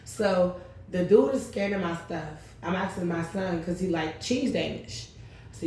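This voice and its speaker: A woman's voice: fairly low pitch, measured pace, a little mellow. A woman hosting her tarot channel, telling a long personal story in a blunt, profane, rambling way. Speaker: tarot reader, channel host. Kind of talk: casual storytelling vlog. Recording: very echoey room.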